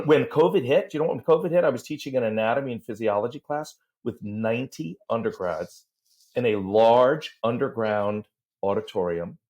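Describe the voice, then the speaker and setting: A middle-aged man, a voice teacher, telling lively stories in a podcast interview and singing short demo syllables. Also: mid-range voice. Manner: animated storyteller, sings demo syllables. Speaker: voice teacher and guest.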